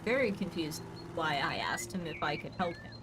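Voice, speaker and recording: A woman's voice: deep voice, animated, moderate pace, background noise. A woman in her thirties streaming a building game, chatting casually and thinking aloud with playful asides. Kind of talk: casual gameplay commentary.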